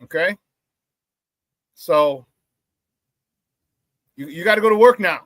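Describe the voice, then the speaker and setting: Sports talk host, male, high-pitched, fired up and shouting out the chat. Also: expressive, slow, no echo. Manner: hyped, shouts out viewers, laughs often. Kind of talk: live sports talk show, reading chat.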